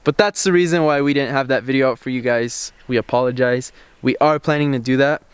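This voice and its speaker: Young man, car vlog host, chatty, relaxed storytelling, outdoors, camera shotgun mic. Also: medium pitch, brisk, clean tone, no room sound. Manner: relaxed, chatty, retells events with quoted dialogue. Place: outdoors by parked cars. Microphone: camera-mounted shotgun mic.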